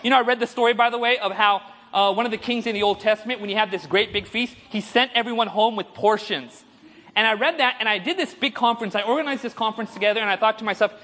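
Telling stories with animation in his sermon, a preacher keeps asking the congregation to say amen. His male voice is high and a little fast, and long reverb from the hall trails through the audio.

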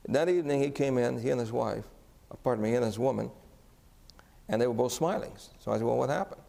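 Speaking fast in a warm, mid-range voice with vocal fry, this pastor shares a story from the pulpit with real earnestness, pausing to ask his congregation questions. The sermon-style storytelling echoes through a hall.

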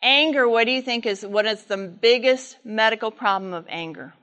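A woman giving a sermon talk, telling a story in a lively, animated way with asides to the congregation. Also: fairly high pitch, moderate pace. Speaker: speaker at church.

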